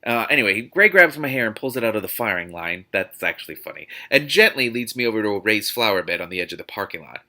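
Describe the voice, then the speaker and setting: A man's voice: fairly low pitch, big pitch swings, quick pace, hardly any pauses, bright, forceful tone. A man reading a novel aloud with exasperated, sarcastic commentary. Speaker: host reading a book aloud.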